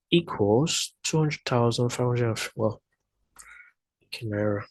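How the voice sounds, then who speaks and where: Husky man working through sums. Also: medium pitch, slow pace, pauses often, no echo, rough recording. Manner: thinking aloud, hesitant, self-correcting. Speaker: math tutor. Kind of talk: explaining math problems step by step.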